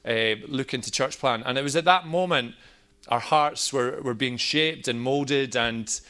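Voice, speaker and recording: A man in the pulpit, sharing his testimony with a bright, forward voice. He tells the story casually and lifts into livelier quoted moments. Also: medium pitch. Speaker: pastor. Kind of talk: personal testimony talk.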